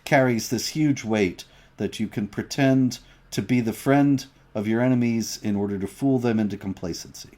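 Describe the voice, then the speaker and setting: Man, livestream co-host, emphatic explanatory delivery, reads viewer chat aloud, medium-pitched voice. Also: moderate pace, hardly any pauses, a little mellow.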